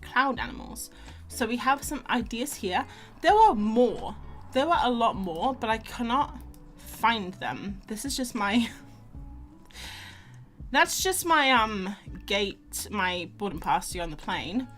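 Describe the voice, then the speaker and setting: Chatty woman streamer over soft music. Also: a little high, lively intonation, slow pace. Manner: chatty, rambling, greets viewers by name. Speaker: livestream host. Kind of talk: casual chat while drawing.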